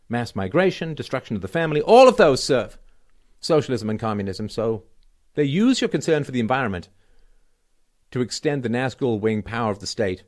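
Sarcastic man ranting on his show. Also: fairly low pitch. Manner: sarcastic, emphatic, swings from loud to quiet. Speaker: show host. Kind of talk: solo political commentary rant.

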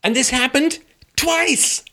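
A man hosting a call-in advice show, talking forcefully and repeating his points for emphasis. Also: very high voice, takes it slowly.

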